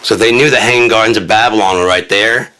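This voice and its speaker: Deep-voiced man ranting crudely. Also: fairly even intonation, quick pace, pushed and bright. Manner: crude, sarcastic, mocking. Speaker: vlogger. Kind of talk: rambling profane rant.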